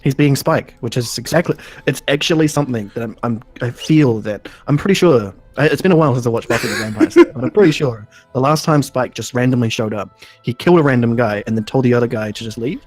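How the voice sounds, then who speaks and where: A man's voice: medium pitch, fast talker, darkish tone, soft background music. A man co-hosting a podcast in casual chat, making wry quips and agreeing with his co-host.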